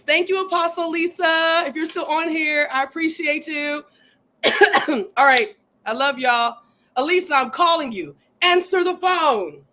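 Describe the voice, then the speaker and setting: A woman hosting a casual livestream, excitedly reading viewer comments aloud and often saying "y'all.". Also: sits high. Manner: says "y'all" often, Southern-tinged speech. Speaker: livestream host.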